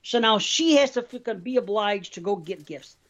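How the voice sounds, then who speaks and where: A man's voice: high-pitched, expressive, moderate pace, fairly bright tone, muffled recording. A man co-hosting a podcast, rambling in casual, heavily profane chat. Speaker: podcast co-host.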